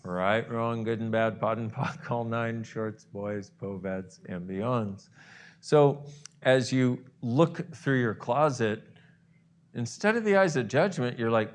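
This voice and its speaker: Male self-help host, animated guided visualization, mid-range voice, bursts into excited exclamations. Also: medium pitch, slow. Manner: animated, acts out inner voices with gasps and exclamations.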